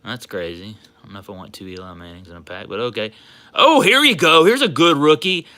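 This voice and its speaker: Guy on a card stream, real bright voice, bounces all over in pitch, gets hyped easy. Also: fairly quick. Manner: excitable, hollering and laughing over a big pull. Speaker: sports card livestream host. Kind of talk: casual livestream chat.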